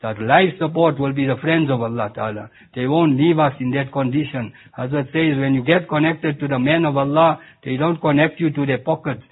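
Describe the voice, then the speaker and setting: A man giving an Islamic sermon as a Sufi preacher, halting and restarting, with Arabic recitation woven in. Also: medium pitch, husky. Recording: tinny phone-like recording.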